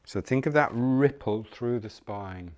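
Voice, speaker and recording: A man teaching a movement class, giving calm, unhurried cues with soft encouragement while he moves nearer to and farther from the mic. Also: mid-range voice. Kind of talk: guided movement class instruction.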